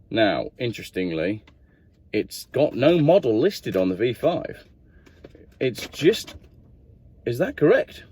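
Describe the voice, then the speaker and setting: A man's voice: medium pitch, dry recording. A man hosting a casual car review, chatty, enthusiastic and jokey. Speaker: car reviewer, channel host.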